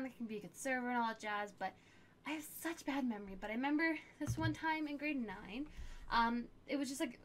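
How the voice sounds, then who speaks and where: High-voiced chatty young woman. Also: fairly bright tone, slight background noise. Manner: chatty, lots of fillers, laughs often. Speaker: streamer answering viewer questions. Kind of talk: casual chat.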